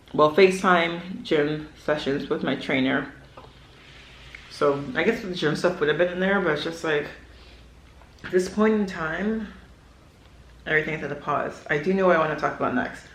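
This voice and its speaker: A young woman vlogging at home, chatting in a rambling way with many fillers while she eats. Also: low voice. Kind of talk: casual chat while eating. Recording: echoey room.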